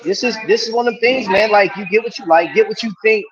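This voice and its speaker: A man's voice: high voice, fast talker, a crowd in the background. A middle-aged man hosting a casual livestream, chatting in a laid-back way and laughing along with viewers. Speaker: watch reviewer and livestream host. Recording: dull lo-fi stream audio.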